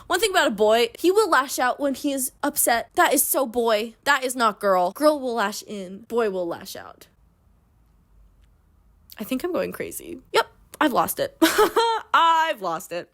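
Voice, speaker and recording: A woman in her twenties giving comedic book commentary in a sarcastic, animated way. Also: fairly high pitch, moderate pace. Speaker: book reviewer.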